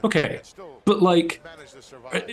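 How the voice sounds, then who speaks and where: A man co-hosting a casual chat, rambling and stammering through animated stories. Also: high-pitched, slow.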